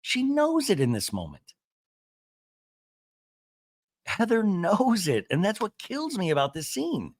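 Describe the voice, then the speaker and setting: Man, podcast host, casual recap talk, lively pitch, dry sound. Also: normal speed, no room sound. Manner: animated, chatty, acts out quotes. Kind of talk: casual reality TV recap commentary.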